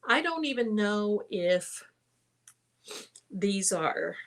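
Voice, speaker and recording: A woman's voice: mid-range voice, animated, very slow, rough recording. A woman psychic hosting a live stream, chatting casually and rambling through stories. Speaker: psychic host.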